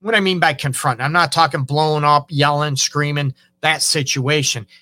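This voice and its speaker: A man's voice: on the high side, fairly even intonation, moderate pace, sharp tone, no room sound. A man hosting a relationship advice show as a counselor, talking casually and often checking in with "okay?" and "you know".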